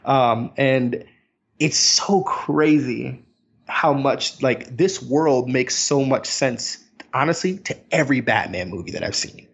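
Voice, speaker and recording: A man in his thirties in an animated, casual movie review chat, sometimes mimicking voices. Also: medium pitch, slow pace, gravelly, slightly rough, lo-fi sound. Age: 30s.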